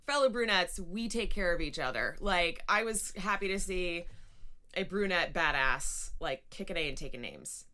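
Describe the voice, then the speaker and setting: A woman's voice: on the low side, lively intonation, normal speed, pushed and bright. A woman co-hosting a casual podcast, breezy and chatty, swearing freely. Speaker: podcast co-host. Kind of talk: casual chat.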